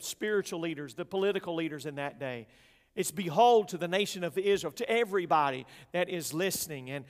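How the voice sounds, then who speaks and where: A man preaching a sermon, reading scripture slowly and swinging between loud emphasis and soft, low delivery. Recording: long hall reverb.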